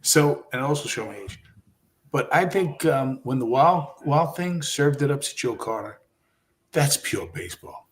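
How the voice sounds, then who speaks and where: A man's voice: mid-range voice, a little slow. A middle-aged man co-hosting a podcast, telling stories in casual chat and laughing often. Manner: animated storyteller, laughs often. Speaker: podcast co-host.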